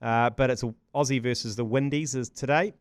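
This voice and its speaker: A New man hosting a sports podcast, chatting excitably with colorful slang and frequent laughs. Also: medium pitch, moderate pace, smooth, dry recording, clean studio sound. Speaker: podcast host. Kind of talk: casual sports banter.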